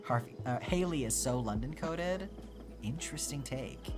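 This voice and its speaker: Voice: mid-range voice, expressive, normal speed. A streamer from Georgia chatting casually and answering live chat, talking through thoughts with many fillers and restarts. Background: background music.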